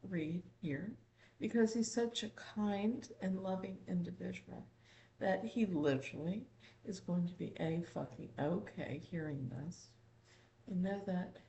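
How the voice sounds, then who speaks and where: A woman's voice: lowish voice, warm tone, rough recording. A woman delivering a spiritual channeling monologue in an apartment, speaking in a profane, repetitive way and calling the listener "dear".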